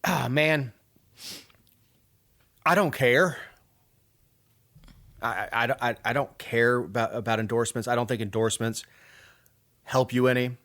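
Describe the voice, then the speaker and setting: A man's voice: mid-range voice, unhurried, long pauses, a bit bright. A man, co-hosting a casual political podcast with wry, rambling sarcasm. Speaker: podcast co-host.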